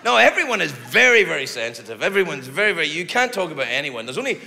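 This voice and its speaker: Brash, gravelly stand-up comedian man. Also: fairly high pitch, big pitch swings, fast talker, bright, forceful tone, a little hiss or hum. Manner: brash, profane, mocking. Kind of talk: stand-up routine. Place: comedy venue with live audience. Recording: reverberant venue with laughing audience.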